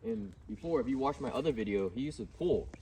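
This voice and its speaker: A male dog trainer talks through a casual outdoor lesson in an easy, explaining way. He sounds a little distant from the mic, and faint outdoor noise sits under his voice. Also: fairly quick. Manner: relaxed explaining, bursts of high-pitched praise to the dog. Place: outdoors in a neighborhood.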